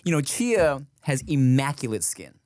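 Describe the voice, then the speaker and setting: A man's voice: mid-range voice, big pitch swings, moderate pace, darkish tone, no echo, clean studio sound. A man hosting a podcast, chatting casually in slang and rambling through stories. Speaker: podcast host. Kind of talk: casual chat.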